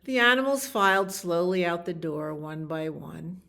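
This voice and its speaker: A woman librarian reading a picture book aloud to children, expressive, with animal sounds and little asides. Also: fairly low pitch, measured pace, few pauses.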